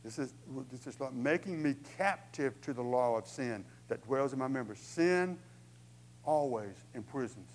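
A man's voice: medium pitch, expressive, normal speed, a little mellow, a little hiss or hum, rough recording. A man preaching a sermon in a conversational way, acting out inner voices with humor. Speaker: pastor.

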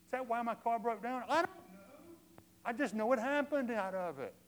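An older male pastor preaching a sermon in a conversational way, moving from quiet asides to emphatic questions. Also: very high-pitched, lively intonation, a little fast, low-quality recording.

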